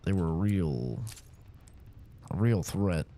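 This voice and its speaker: A man's voice: low-pitched, animated, extremely slow, warm tone, a little hiss or hum. A man streaming a game, chatting casually in a rambling, joking way with lots of fillers. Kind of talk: casual chat while gaming.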